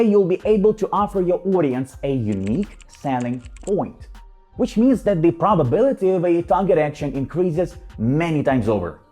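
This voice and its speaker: A man narrating a promotional explainer with a slightly raised pitch and a mellow, warm tone. His delivery swings up and down with emphatic energy, and light music plays underneath. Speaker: voice-over narrator for an ad network.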